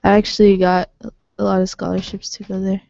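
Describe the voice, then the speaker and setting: A young woman, a college student, answers interview questions shyly and briefly, often giggling. Her voice is mellow and dry, and the lo-fi mobile audio sounds dull. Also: mid-range voice, flat delivery, brisk, gravelly, no room sound. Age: young adult.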